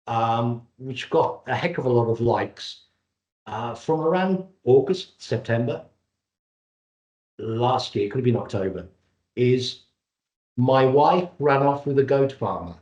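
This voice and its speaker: A man presents a live webinar in a jokey, salesman-like way, his pitch rising and falling a lot. He talks over a video call, and the audio is dull and lo-fi. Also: expressive, unhurried, darkish tone. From Cyprus and Britain.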